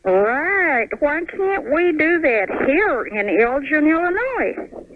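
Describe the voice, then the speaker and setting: Southern lady calling in, polite and hesitant, slow talker, tinny phone sound. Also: sits high, big pitch swings, background noise. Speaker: caller. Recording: tinny phone line on radio.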